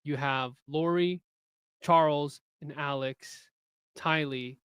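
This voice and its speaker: Smooth-voiced man, dry and close. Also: a little high, steady tone, takes it slowly, fairly bright tone, dry recording. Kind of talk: casual case discussion.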